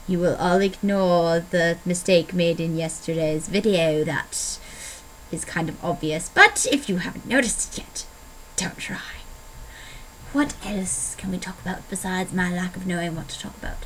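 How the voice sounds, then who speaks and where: A young Canadian woman chatting casually on her vlog, playful and rambling, often jumping into high excited tones. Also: normal speed, slight background noise, poor audio. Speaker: vlogger.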